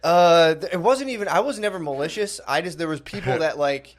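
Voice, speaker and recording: A man's voice: fairly high pitch, a little fast. A man with a slightly raised voice swaps rowdy school stories on a comedy podcast. He laughs through his lines and swears freely, loose and chatty. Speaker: podcast co-host. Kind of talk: casual comedic storytelling.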